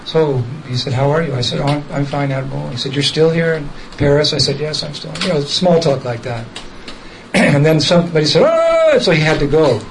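A man's voice: fairly high pitch, fairly even intonation, fairly quick, background noise. A man casually telling a story from his past, often chuckling and quoting the people in it directly. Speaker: devotee recounting a memory.

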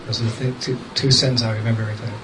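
A man's voice: medium pitch, flat delivery, very fast, fairly bright tone, a little hiss or hum, rough recording. A man casually telling a story from his past, often chuckling and quoting the people in it directly. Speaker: devotee recounting a memory.

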